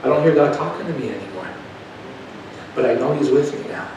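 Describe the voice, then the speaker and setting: A male preacher telling a testimony in an animated storytelling manner, swinging from hushed to loud. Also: brisk, muffled recording. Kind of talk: sermon testimony. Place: church. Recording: echoey church from a distant mic with background rumble.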